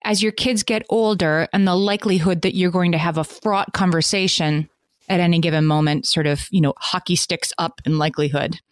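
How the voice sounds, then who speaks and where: A woman's voice: lowish voice, steady tone, a little fast, no echo, clean studio sound. A middle-aged woman co-hosting a podcast, talking thoughtfully in a conversational way. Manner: conversational, thoughtful, frequent fillers. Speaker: podcast co-host. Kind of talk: casual podcast chat.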